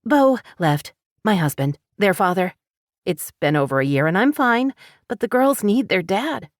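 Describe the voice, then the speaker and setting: A woman's voice: medium pitch, big pitch swings, unhurried, no room sound, studio quality, voice pushed up. A woman narrating an audiobook voices an anxious, emotional single mother, speaking with a tearful, pleading lift. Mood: aching. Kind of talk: audiobook character voice.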